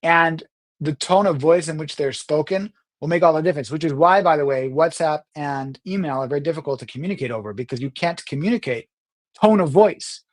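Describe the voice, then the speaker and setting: Man coaching public speaking. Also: brisk. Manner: animated, swings pitch and loudness to demonstrate. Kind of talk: talk to camera on communication skills.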